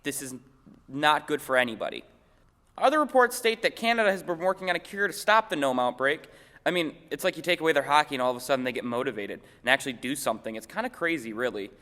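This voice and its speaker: Brief: young male parody news host, bright lively voice, deadpan jokes, echoey hall. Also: on the high side, fast. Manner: deadpan wisecracks, mock-anchor delivery. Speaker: segment host.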